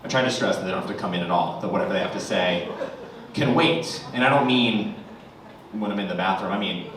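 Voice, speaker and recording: Exasperated New comedian, echoey club. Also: male voice, low voice, fast, recorded from a distance, noisy background. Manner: exasperated, sarcastic rants. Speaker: stand-up comedian. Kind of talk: stand-up comedy. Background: audience laughter.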